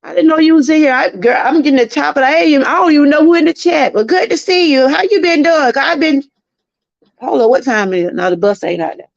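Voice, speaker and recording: She talks fast in a high-pitched voice with vocal fry: a middle-aged Southern US woman hosting her channel's live-stream testimony talk. Earnest and preachy, she keeps repeating herself to viewers. The lo-fi recording is dry and slightly muffled, with no room sound.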